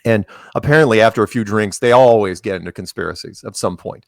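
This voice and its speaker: A man's voice: fairly low pitch, fast talker, creaky, no echo. A man who is a podcast guest, telling rambling anecdotes in casual conversation and acting out quotes along the way.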